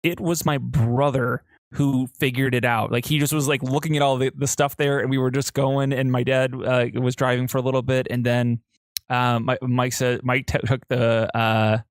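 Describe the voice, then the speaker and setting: A man at a middle pitch tells a story on a podcast in loose, halting bursts, circling back with fillers and restarts. He sounds excitable, and his voice is close and completely dry, with no room sound at all. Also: no room sound. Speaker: podcast co-host. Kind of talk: casual chat, storytelling.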